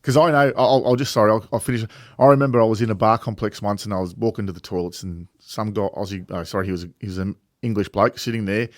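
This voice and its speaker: A man's voice: fairly low pitch, fast talker, few pauses, no echo, clean studio sound. A man co-hosting a casual chat, who keeps agreeing and tells rambling anecdotes. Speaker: co-host.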